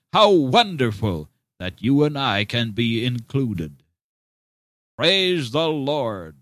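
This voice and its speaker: A man's voice: mid-range voice, a bit bright, no room sound. A man preaching a sermon to the listener, earnest and emphatic, often calling out "my friend". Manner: slow, earnest, emphatic preaching with rising exclamations. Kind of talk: radio sermon.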